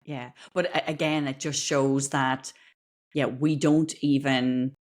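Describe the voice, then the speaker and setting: A woman's voice: extremely low pitch, steady tone, slow, a little mellow. A woman hosting a podcast in casual interview chat, empathetic and often restarting her questions mid-sentence. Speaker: podcast host.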